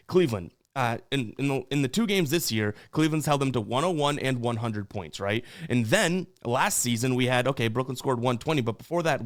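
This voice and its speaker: A young man hosting a sports betting show, casually talking through picks with loose fillers and restarts. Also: medium pitch.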